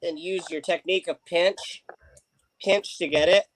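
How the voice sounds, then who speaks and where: A man's voice: sits high, steady tone, measured pace, slight background noise, rough recording. A man chatting casually on a livestream, rambling with lots of fillers while he waxes a bowstring. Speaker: livestream guest. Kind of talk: casual chat.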